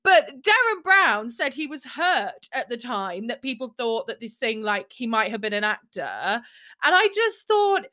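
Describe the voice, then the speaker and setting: A woman co-hosting a podcast, telling a story in a casual, animated and rambling way. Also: fairly high pitch, a little slow. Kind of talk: casual chat.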